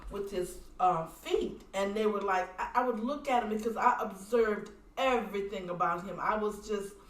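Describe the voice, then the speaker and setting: A woman tells a personal story on a podcast in an earnest, animated way and talks about her faith. Her voice sits at a middle pitch for a woman. The sound comes from a distant mic and carries a roomy echo. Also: normal speed. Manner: animated, acts out voices in quoted dialogue. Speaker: podcast guest, widow.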